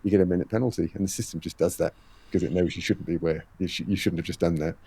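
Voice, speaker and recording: Low, mellow-voiced man explaining at length. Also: steady tone, rapid-fire, husky, no room sound. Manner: explains at length with many fillers and acted-out quotes. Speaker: guest, head of a fitness race series. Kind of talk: conversational podcast interview.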